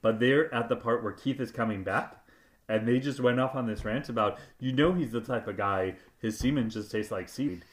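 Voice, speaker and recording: A man co-hosting a podcast in casual banter, wry and quick to swear. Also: medium pitch. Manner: wry, swears freely, bursts into loud laughing outbursts. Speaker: podcast co-host.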